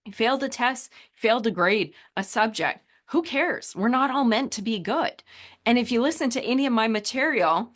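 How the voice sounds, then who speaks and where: A woman's voice: expressive, fairly quick, fairly bright tone. A woman hosting a motivational podcast, talking emphatically and acting out the inner voices in our heads. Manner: emphatic, acts out inner voices with shifting pitch. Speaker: podcast host. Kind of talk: motivational solo talk.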